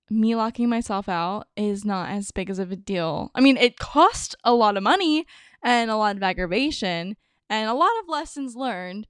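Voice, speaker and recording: A woman's voice: fairly high pitch, dry recording, clean studio sound. A young adult woman hosting a podcast, telling a personal story casually with lots of "like" and dramatic asides. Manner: chatty, lots of "like", dramatic retelling. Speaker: podcast host.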